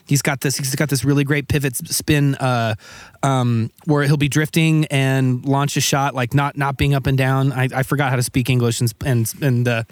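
A man hosting a casual sports podcast, talking excitedly and rambling with frequent restarts. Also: mid-range voice, normal speed, dry recording, clean studio sound. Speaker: podcast host.

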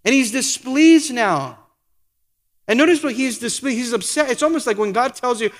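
Pastor guy preaching, high voice, big ringing church sound. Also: expressive, normal speed, long reverb tail. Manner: preaching with rhetorical questions and quoted asides. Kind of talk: sermon.

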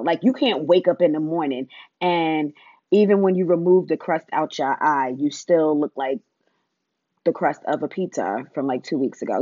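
A woman's voice: low voice, dark tone, husky, dry recording, lo-fi sound. A woman, ranting bluntly and profanely, laughing as she talks. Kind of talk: casual comedic rant.

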